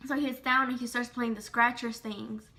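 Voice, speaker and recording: A young woman telling a personal story in a casual vlog, animated and slangy, full of "like" and swearing. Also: a little high, normal speed.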